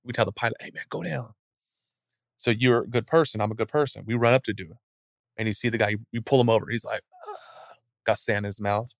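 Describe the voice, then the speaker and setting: A man giving a casual motivational talk as a guest speaker, acting out scenes in an animated, storytelling way. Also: mid-range voice, fast, creaky, dry recording, studio quality.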